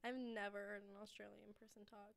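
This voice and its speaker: A woman's voice: mid-range voice, level tone, fairly quick, vocal fry, no echo, studio quality. A young woman who is a podcast guest, chatting casually with short replies and easy laughter. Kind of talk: casual chat.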